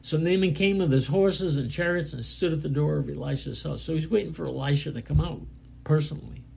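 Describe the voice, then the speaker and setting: A man preaching a Bible lesson, reading scripture aloud and explaining it in a casual, halting way with fillers. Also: a little high, vocal fry, dark tone, husky. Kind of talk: Bible study sermon, reading scripture and commenting.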